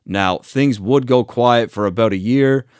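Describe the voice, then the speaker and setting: A man talks through a commentary video in a relaxed, conversational voice, dropping the odd swear word. His voice sits at an ordinary middle pitch. The sound is close and dry, with no room echo. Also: a little slow, clear, resonant tone. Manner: conversational, swearing, reads quotes aloud. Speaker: commentary channel host. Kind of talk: casual commentary narration.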